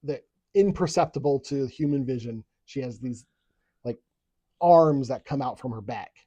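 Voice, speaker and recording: A man from Appalachia co-hosting a podcast, chatting quickly and stumbling into restarts. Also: mid-range voice, mellow, dry recording. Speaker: podcast co-host. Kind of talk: casual chat. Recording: dry, dull lo-fi mic.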